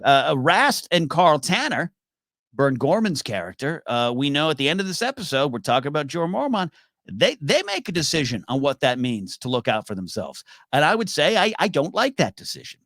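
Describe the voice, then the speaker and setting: A man hosting a solo podcast, giving an animated, enthusiastic recap commentary of a TV episode. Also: a little high, moderate pace, no echo, studio quality. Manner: animated, enthusiastic, many restarts. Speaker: podcast host.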